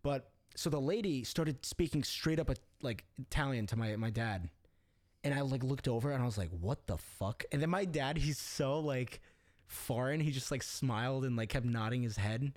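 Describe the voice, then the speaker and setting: A young man from the Middle East chats casually, spinning animated, swear-filled stories. His voice sits at a middle pitch and sounds close and dry. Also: normal speed, dry recording. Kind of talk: casual chat.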